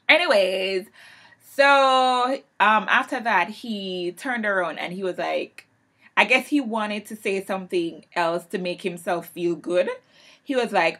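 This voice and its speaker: A woman who works as an English teacher, telling an emphatic story in a vlog rant, rising loud and high when she gets heated. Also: unhurried.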